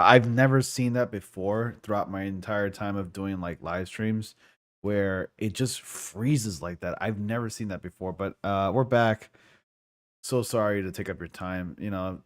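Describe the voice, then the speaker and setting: A male game streamer talking casually on a livestream, rambling and goofy. His voice sits a little low, and he is quick to apologize.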